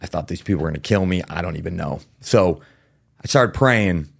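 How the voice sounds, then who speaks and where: A man with a very low, gravelly voice speaks as a podcast guest. He talks in a casual, candid way, full of fillers and now and then a swear word. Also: lively intonation, a little fast, no room sound, clean studio sound. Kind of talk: candid storytelling in a podcast interview.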